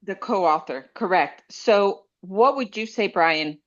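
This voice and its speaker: A woman hosting a podcast interview, asking careful, measured questions. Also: medium pitch, animated. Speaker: podcast host. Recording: dull, muffled sound.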